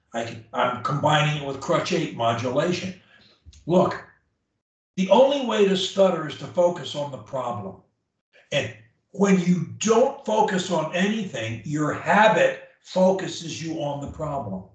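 A male speech coach talks slowly and bluntly, hammering his points home with repetition. His voice sits a bit high for a man. It sounds distant, caught in a very echoey room. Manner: blunt, emphatic, repeats key phrases. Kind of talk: one-on-one coaching session. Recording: echoey room, far from the mic.

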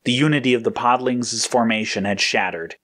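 Male storyteller, mid pitch, steady even reading. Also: brisk. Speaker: narrator. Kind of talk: storybook narration.

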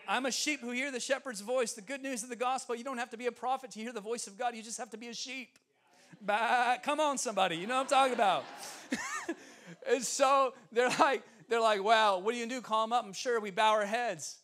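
A man's voice: very high voice, fairly quick. A young man preaching as a guest speaker, telling stories with laughter and acting out the voices of people in them. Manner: animated, laughing, acts out voices in his stories. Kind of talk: sermon storytelling. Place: church sanctuary.

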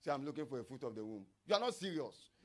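A man's voice: mid-range voice, big pitch swings, fast talker, a little mellow. A man preaching a sermon in church as pastor, reading scripture aloud and breaking into tongues.

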